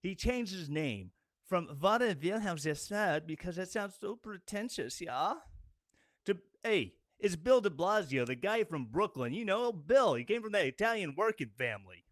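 A man's voice: high-pitched, sing-song, moderate pace, a bit bright, dry recording, clean studio sound. A man giving an angry, sarcastic political rant as a commentator. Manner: sarcastic and combative.

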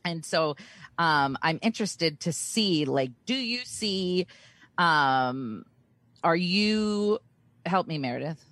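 A woman's voice: lowish voice, expressive, slow pace, a bit bright, no room sound. A woman chatting casually on a podcast, rambling and self-conscious, often laughing at herself. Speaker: guest co-host.

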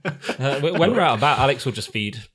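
A man co-hosts a relaxed chat. His voice sits in a middle pitch. He pokes fun at the others with wry questions. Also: fairly quick, slightly rough. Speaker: podcast co-host, father. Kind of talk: casual chat.

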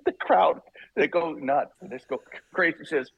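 A male voice actor being interviewed, telling animated, rambling stories and laughing often. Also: a little high, measured pace, creaky, breathy edge, no echo, narrow, tinny audio. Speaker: voice actor guest. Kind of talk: casual interview storytelling.

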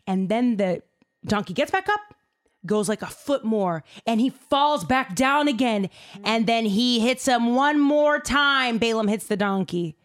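A woman telling a story casually, animated and slangy with lots of fillers. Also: on the high side, measured pace.

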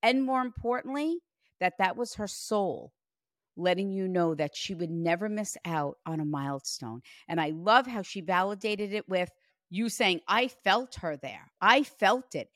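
A woman giving a spirit reading as a medium, speaking in an animated, emphatic and reassuring way. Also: medium pitch, normal speed, no echo, clean studio sound. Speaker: psychic medium.

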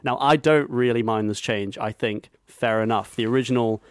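A man's voice: medium pitch, moderate pace, clean tone, no room sound, studio quality. A man co-hosting a podcast, reviewing a film remake in loose, rambling casual chat. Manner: rambling, loose, swears, laughs while telling. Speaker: podcast co-host.

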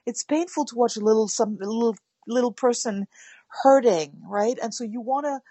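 A woman talking in an interview about parenting, animated, and acting out soothing words to children. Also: a little high, normal speed, slightly rough, dry recording. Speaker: parenting guest. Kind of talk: conversational interview.

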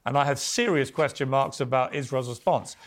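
A man's voice: mid-range voice, a little fast. A man hosting a televised debate, firm and controlling, cutting in to steer the exchange. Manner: firm, cuts in to keep control. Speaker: host.

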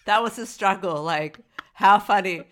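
A woman in casual chat reviewing a film with a co-host, animated and often laughing, with exaggerated mock-outraged retellings. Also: medium pitch, measured pace, a little hiss or hum. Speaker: podcast co-host.

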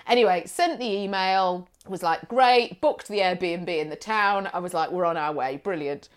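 A woman with a lowish voice, talking at a normal pace, tells a holiday story in relaxed conversation. She acts out the people she quotes and keeps breaking into laughter, giving the whole thing a lively, animated feel.

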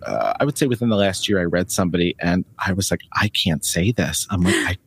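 Rambling man with a husky voice. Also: low voice, very animated, quick pace. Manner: rambling, laughing, self-interrupting. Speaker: psychic medium guest. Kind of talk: casual storytelling.

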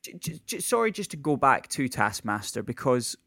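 Male co-host, animated intonation, dry sound, eager questioner. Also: medium pitch, normal speed, vocal fry, no room sound. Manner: enthusiastic, stumbling questioner. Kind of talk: casual film chat.

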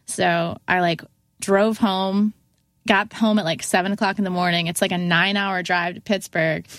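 A woman's voice: on the low side, moderate pace, dry recording, clean studio sound. A young woman, a musician guest on a podcast, telling a story casually and acting out what people said in a raised voice. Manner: animated, acts out quotes in a raised voice, many fillers of "like".

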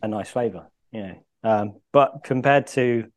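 A man's voice: mid-range voice, unhurried. Man host talking while chewing. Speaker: podcast host. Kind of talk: casual podcast interview.

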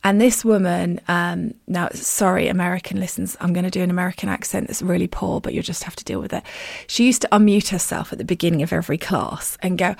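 A woman's voice: lowish voice, a little fast, gravelly, dry recording, clean studio sound. Candid woman podcaster. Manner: candid, self-deprecating storyteller. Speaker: medium and podcast host. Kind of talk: casual podcast monologue.

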